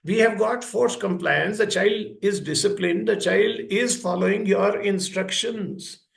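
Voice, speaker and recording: High gravelly-voiced man in an echoey hall. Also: unhurried. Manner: animated storyteller, acting out parent and child voices. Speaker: speaker at a school talk. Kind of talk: public talk with acted-out stories.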